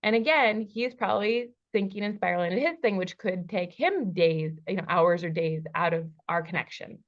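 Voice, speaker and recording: A woman coach telling a lively personal story, acting out the dialogue in different voices and laughing often. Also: on the low side, moderate pace, lo-fi sound. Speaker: relationship coach. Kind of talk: storytelling in a podcast interview. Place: lives in Bali.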